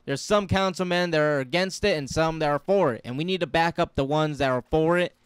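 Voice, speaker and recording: An eager union representative speaks up as a podcast guest, emphatic and keen. His voice is a little higher than average, smooth and clear, and it sounds dry and close to the mic. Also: a little fast, no room sound. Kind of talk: casual podcast chat.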